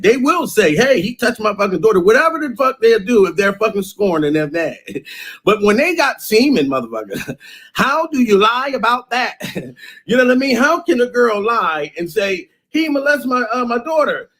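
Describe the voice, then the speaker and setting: A man ranting in a loud, mocking way, often laughing between phrases. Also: sits high. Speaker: vlogger. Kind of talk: profane rant.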